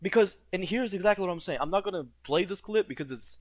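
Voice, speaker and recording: A man rants through a reaction commentary in a blunt, profane way. His voice sits a little on the high side. The recording is dry and close, with no room sound. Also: expressive, quick pace, dry recording. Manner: mocks characters in put-on quotes.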